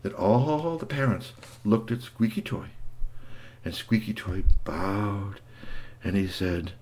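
A man telling an improvised story to a child, animated and playful, swinging from squeals to hushed tones. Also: on the low side, slow.

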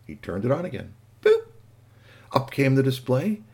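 A man narrating a children's story in an animated way, adding sound effects and asides. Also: medium pitch, moderate pace, slightly rough.

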